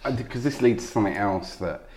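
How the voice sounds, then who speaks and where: A man's voice: fairly low pitch, animated, fast, darkish tone. A man from Zimbabwe hosting a casual podcast interview, asking long, rambling, playful questions. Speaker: podcast host.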